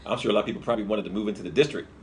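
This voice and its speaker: A man's voice: fairly low pitch, racing, noisy background. A man co-hosting a political talk show, blunt and critical in his opinions. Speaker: co-host.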